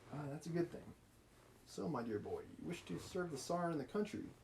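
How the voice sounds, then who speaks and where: A man's voice: fairly high pitch, lively intonation, moderate pace, gravelly, a little mellow, a little hiss or hum, voice pushed up, poor audio. A man reading the part of a stern, domineering old prince, brusque and scolding. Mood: probing.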